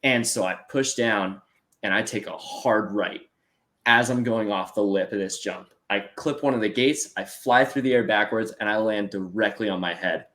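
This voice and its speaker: A man in his twenties from the United States, an interview guest telling a story in casual chat, animated and full of fillers. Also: on the low side, normal speed. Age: 20s. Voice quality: animated, acts out voices in his story, many fillers like "dude" and "like". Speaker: interview guest, para snowboarder.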